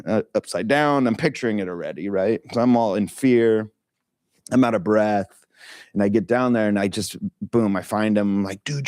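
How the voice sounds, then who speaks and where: A man's voice: lowish voice, darkish tone, no room sound, clean studio sound. A middle-aged man leading a meditation talk, telling a personal story in a candid, casual way with frequent swearing, laughter and fillers.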